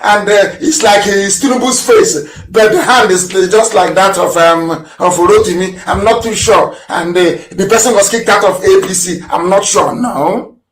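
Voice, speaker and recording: A man delivering an impassioned political radio broadcast, firing rhetorical questions and swinging between shouts and low mutters. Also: moderate pace. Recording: roomy echo.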